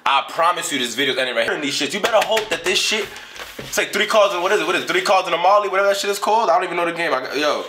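Bright-voiced young man, profane and animated. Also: high voice, rapid-fire, slight background noise. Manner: animated, profane, swings from griping to hyped. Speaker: vlogger unboxing clothes. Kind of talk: casual unboxing vlog.

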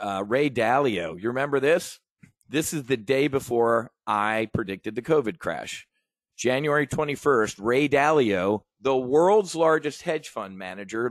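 A middle-aged man giving a brash, swaggering sales pitch monologue as a trading educator, telling stories with profanity and talking straight to his audience as folks. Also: dry recording.

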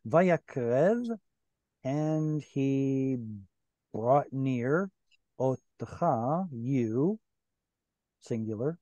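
A man's voice: mid-range voice, expressive, extremely slow, long pauses, warm tone, dry recording, dull audio. A man teaching a Hebrew class over a video call, patiently explaining grammar step by step.

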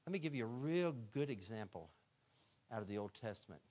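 A man preaching a sermon as a guest, telling Bible stories in a folksy way and swinging between loud and hushed delivery. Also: mid-range voice, lively intonation, brisk. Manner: folksy storytelling, acts out voices in retold scenes; swings from loud to soft, drops to a hush.

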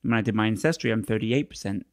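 A man's voice: lowish voice, quick pace, no room sound, clean studio sound. A man from England co-hosting a podcast in casual chat, teasing and laughing at his own jokes. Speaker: podcast co-host.

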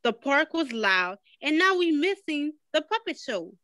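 A woman's voice: high-pitched, sing-song, unhurried, bright, forceful tone, no echo, voice pushed up, full character voice. A woman voicing a worn-out, apologetic mother in a picture-book read-aloud. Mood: upset.

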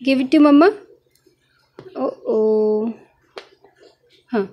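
Her voice is high-pitched, expressive, and a little mellow as this young mother patiently goes over animal names with her toddler. She's slow and coaxing, full of praise and prompting questions.

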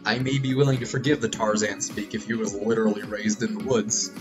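A man's voice: lowish voice, brisk. A man giving jokey, crude live commentary while streaming a video game. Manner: jokey, crude, animated reactions. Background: game music.

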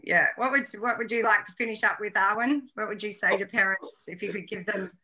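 A woman's voice: medium pitch, fairly even intonation, brisk, bright, forceful tone. A woman hosting a podcast, chatting casually with enthusiasm. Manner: enthusiastic, laughing. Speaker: podcast host. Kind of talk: casual conversation. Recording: dull lo-fi sound.

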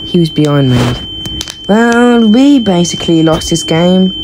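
A woman giving excitable, casual commentary while playing a horror game, yelping, laughing and talking to her teammates. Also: lowish voice, measured pace, noisy background. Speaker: gaming video creator.

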